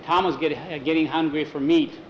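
A man with a slightly higher voice spinning an adventure tale in an easy, homespun way, stopping now and then to fix a word. It sounds like a home tape: roomy, dull and lo-fi, with a faint hiss. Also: a little fast. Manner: relaxed, homespun, self-correcting. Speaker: storyteller. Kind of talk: improvised adventure story read aloud.

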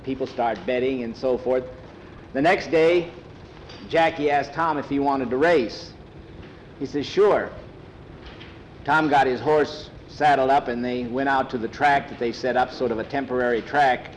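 A man telling a story aloud in a plain, unhurried, homespun way. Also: mid-range voice, steady tone, a little hiss or hum, rough recording. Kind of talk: oral storytelling.

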